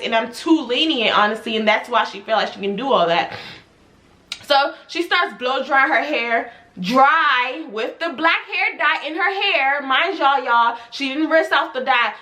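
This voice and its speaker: A young woman telling a storytime vlog about a client, animated and exasperated, piling up rhetorical questions. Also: sits high. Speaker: hairstylist and vlogger.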